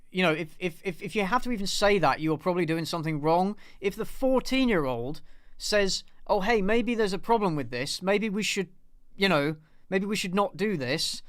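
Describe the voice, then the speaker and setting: A man's voice: high voice, fairly bright tone, no room sound, studio quality. A man who reviews films, commenting casually and exasperatedly over a clip and swearing freely as he rants. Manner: exasperated, swears freely, repeats himself while ranting. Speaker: film reviewer and host.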